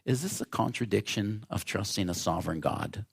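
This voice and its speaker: Man preaching an animated sermon. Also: fairly low pitch, normal speed, creaky, husky. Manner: animated storytelling, acts out family voices. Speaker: pastor.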